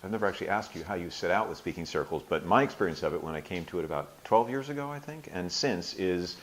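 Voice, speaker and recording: Deep-voiced older man, reflective and halting. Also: lively intonation, a little hiss or hum, rough recording. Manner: thoughtful, halting, with restarts and playful quoted voices. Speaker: interview guest, workshop alumnus. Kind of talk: reflective interview answers.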